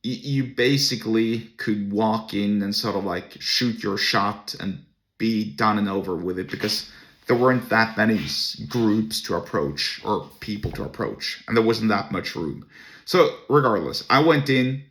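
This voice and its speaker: A man's voice: on the low side, a little slow, fairly bright tone. A man hosting a podcast, telling a personal story to camera in a blunt, crude and scornful way. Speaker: podcast host.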